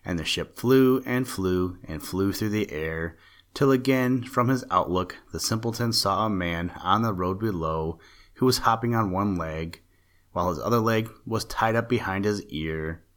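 Male storyteller, low voice, steady fairy-tale narration. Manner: steady, measured reading.

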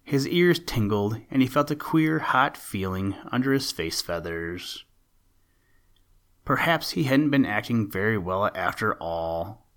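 A man narrating a children's storybook in a low voice, reading with an expressive, lively lilt. His delivery sounds like reading aloud to a young listener. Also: unhurried.

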